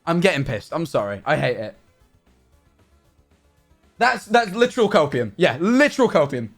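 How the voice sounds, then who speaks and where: A man's voice: on the high side, sing-song, moderate pace, creaky, fairly bright tone, faint music behind. A man livestreaming in casual chat with his viewers, ranting animatedly and swearing often.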